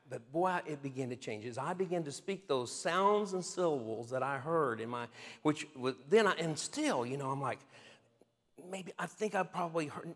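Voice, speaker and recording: Male pastor, higher register, animated storyteller, reverberant sound. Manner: lively storyteller who chuckles often. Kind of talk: testimony-style sermon storytelling.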